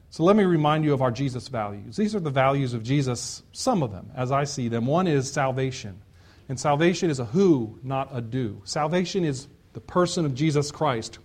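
A pastor preaching from the pulpit in a slightly high, clear male voice. He drives each point home with emphatic repetition. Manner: earnest preaching with repeated emphatic phrases. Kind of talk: sermon.

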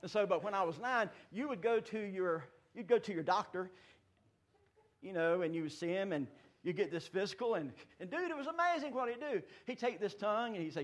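A man in his fifties preaching a sermon in a church, folksy and joking, swinging between loud declarations and hushed asides. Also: high voice, fairly quick. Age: 50s. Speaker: pastor. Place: church sanctuary.

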